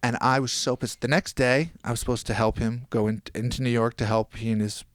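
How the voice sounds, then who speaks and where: A man's voice: mid-range voice, a little fast, no room sound, clean studio sound. A young man casually telling a long story on a podcast, acting out the people he quotes. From New Jersey. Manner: animated, acts out quoted people. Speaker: podcast guest.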